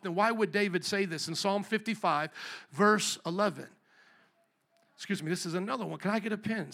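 A man preaching a sermon in a conversational style, swinging between quiet, frank talk and loud shouting. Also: sits high. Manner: self-deprecating asides and restarts. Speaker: pastor.

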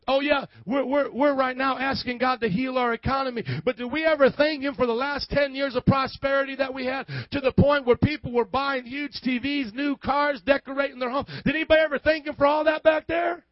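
A male pastor preaching a sermon, calling for amens and dropping from hushed lines to loud bursts. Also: very high voice, fairly even intonation, a little fast, hardly any pauses, no echo. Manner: call-and-response preaching, swings from hushed to loud. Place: church service. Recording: dull lo-fi church recording with faint music.

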